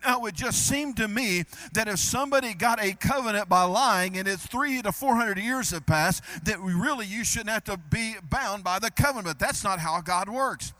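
A man preaching a sermon, building to loud emphatic repetition. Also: high voice, lively intonation, normal speed, hardly any pauses, no room sound. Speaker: pastor.

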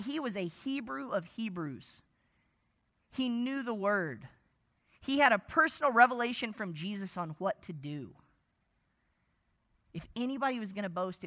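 A man with a bright, forceful tone delivers an evening sermon. He tells stories with lots of animation and sometimes drops almost to a whisper for quick asides. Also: high-pitched. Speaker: pastor.

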